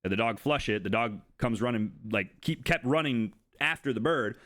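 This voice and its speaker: A lively male streamer telling a story to his chat, his pitch swinging widely as he acts out what others said. He swears casually and talks straight into a close mic with a dry, dead sound. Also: no room sound. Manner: animated, swears freely, mimics others in a higher voice.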